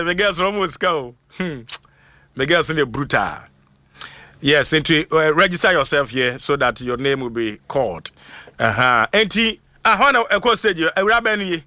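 A man hosting a casual livestream, reading out viewers' names in a lively mix of Twi and English and laughing often. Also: on the high side, creaky, no room sound. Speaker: livestream host. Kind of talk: casual live shout-outs.

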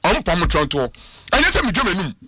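High, lively man preaching predictions. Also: fairly quick, breathy edge, no room sound, clean studio sound. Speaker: studio guest giving prophecies. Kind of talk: radio talk show discussion.

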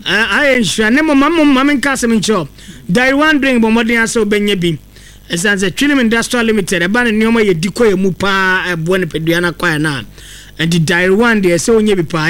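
A man co-hosting a radio show, chatting briskly and reading an advert. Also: sits high, fairly bright tone, clear, resonant tone, no echo. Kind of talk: radio chat and live ad reading.

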